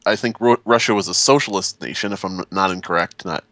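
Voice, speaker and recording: A man's voice: sits low, fairly quick, a bit bright, dry recording. A young man chatting casually while playing a game, tossing in dry jokes and asides. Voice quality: dry joking asides, conversational. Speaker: gamer.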